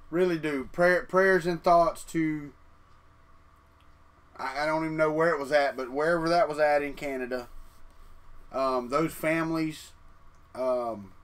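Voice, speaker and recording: A man, hosting a casual livestream from his trailer home and chatting folksily with viewers. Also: on the high side. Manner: folksy, talks straight to chat. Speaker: 3D printing livestream host.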